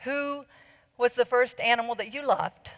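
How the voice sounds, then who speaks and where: Earnest middle-aged woman speaker, slightly high-pitched, with reverb from a large hall. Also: normal speed. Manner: earnest, persuasive, asks the audience questions. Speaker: conference speaker. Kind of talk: conference talk.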